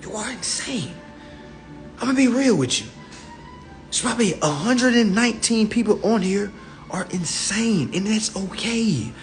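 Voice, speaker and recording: A man with a notably high-pitched voice lectures on a phone live stream. He is blunt and confrontational, and he slows right down to hammer in the passages he reads aloud. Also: expressive, faint music behind. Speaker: livestream speaker. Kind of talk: livestream lecture, reading law text aloud.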